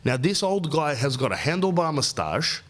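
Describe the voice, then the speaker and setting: A man's voice: a little high, sing-song, normal speed, fairly bright tone. An Australian man hosting a podcast, telling stories in a rambling, slangy monologue. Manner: rambling, slangy storytelling, says bro often. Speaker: podcast host.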